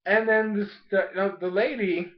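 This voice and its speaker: A young man with a fairly high voice talks through an episode recap in a loose, rambling way, slipping into the characters' lines as he goes. The recording sounds dull and lo-fi. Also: fairly even intonation, moderate pace. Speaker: anime episode reviewer. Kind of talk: casual spoken review.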